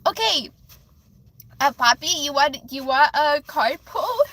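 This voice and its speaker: A woman's voice: high-pitched, lively intonation, takes it slowly, a bit bright. A woman hosting a livestream with card readings, chatting casually and rambling emotionally straight to her viewers.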